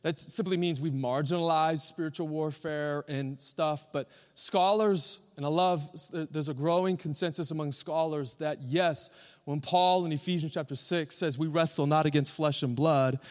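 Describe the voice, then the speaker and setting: Tired pastor preaching in echoing hall. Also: male voice, a little high, fairly even intonation, normal speed. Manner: joking, rambling, self-deprecating. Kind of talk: sermon. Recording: long hall reverb.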